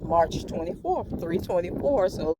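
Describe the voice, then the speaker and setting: A woman's voice: lowish voice, expressive, unhurried. A middle-aged woman rambling earnestly and prayerfully on a morning walk, talking into a handheld phone with many ums. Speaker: vlogger. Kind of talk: rambling walk-and-talk monologue. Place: outdoors on a morning walk by the bay. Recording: outdoor traffic and wind noise.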